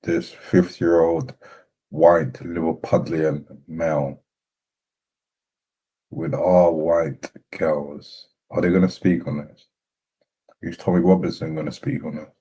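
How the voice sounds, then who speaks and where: Brief: very deep, slow male host, blunt and mocking, drawling sarcastic commentary. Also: fairly even intonation, warm tone, slightly rough, low-quality recording. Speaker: host reacting to clips.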